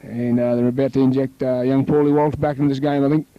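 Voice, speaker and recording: A man with an Australian accent calling a local rugby league match play by play, chatting with his co-commentator and rising to excited shouts on tries. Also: mid-range voice, fast talker, no room sound, narrow, tinny audio.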